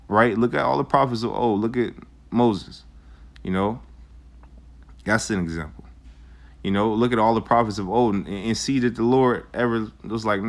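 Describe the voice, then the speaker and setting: A man's voice: fairly low pitch, moderate pace. A young man talking casually about faith, full of slang and "you know," reading old verses aloud. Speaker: vlogger sharing scripture. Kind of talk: casual religious talk and scripture reading.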